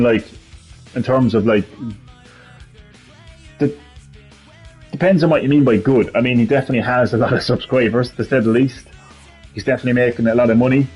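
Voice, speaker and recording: A man's voice: mid-range voice, darkish tone, husky, poor audio. An Irish man giving casual, rambling gameplay commentary while answering chat as a streamer. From Ireland. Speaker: gaming streamer.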